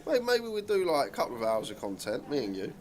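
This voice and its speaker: A man's voice: medium pitch, wildly swooping pitch, fast talker. A man co-commentating a live poker stream, telling stories animatedly and laughing often. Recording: crowd noise behind.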